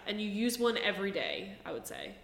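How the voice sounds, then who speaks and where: A woman's voice: mid-range voice, huge pitch swings, a little fast, vocal fry, fairly bright tone. A young woman from New Jersey co-hosting a podcast in a playful, teasing casual chat. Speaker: podcast co-host. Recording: echoey room.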